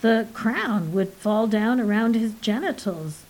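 A woman's voice: fairly high pitch, lively intonation, slow, a little mellow, rough recording. A woman doing a blunt, sulky young man in a storybook reading. He is brash and crude when he speaks.

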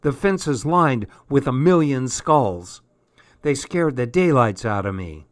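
A man's voice: mid-range voice, expressive, measured pace, close to an everyday voice. A man voicing a frightened young boy in a storybook reading. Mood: shaken. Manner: shaken, urgent.

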